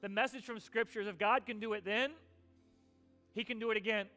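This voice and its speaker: A man preaching a sermon, earnest, building to emphatic passages and then dropping soft, over soft music. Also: high voice, steady tone, a little fast. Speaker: pastor.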